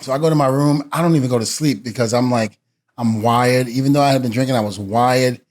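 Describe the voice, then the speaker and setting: A man's voice: medium pitch, fast, a little mellow. A middle-aged man, a former wrestler, telling a story as a guest and acting out what each person said, with laughs in between. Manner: acts out quotes with shifting voices and laughs. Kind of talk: animated storytelling.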